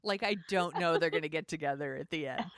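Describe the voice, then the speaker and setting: This podcast co-host talks fast in a low-pitched voice, keeping the chat casual and laughing a lot. The recording is dry with clean studio sound.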